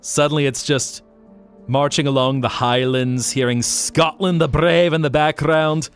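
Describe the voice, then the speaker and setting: A man chatting casually on a live stream, playful and animated, swearing and laughing often. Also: a little high, unhurried, soft background music. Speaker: VTuber streamer.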